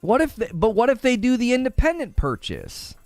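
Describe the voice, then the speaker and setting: A man's voice: extremely high pitch, wildly swooping pitch, a little fast, dry recording, faint music behind. A man hosting a casual gaming live stream, arguing both sides of a point and reading chat messages aloud. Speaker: livestream host.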